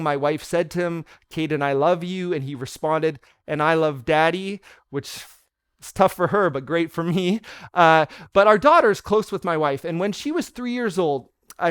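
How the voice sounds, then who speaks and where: A man in his thirties giving a sermon as pastor, telling stories earnestly and dropping softer and slower for tender quoted words. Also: on the high side, clean tone, dry recording, studio quality. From Canada. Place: church.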